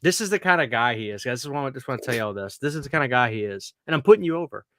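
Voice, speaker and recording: A man hosting a podcast, telling stories in a rambling, excitable, casual way. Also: mid-range voice, rapid-fire. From Louisiana, US. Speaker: podcast host. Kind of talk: casual chat.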